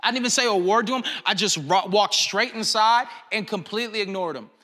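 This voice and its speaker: A young pastor preaches with a high, bright voice. His delivery is candid and conversational, like a personal story told to his flock. A long reverb from a large room trails every phrase. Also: a little fast. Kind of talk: sermon.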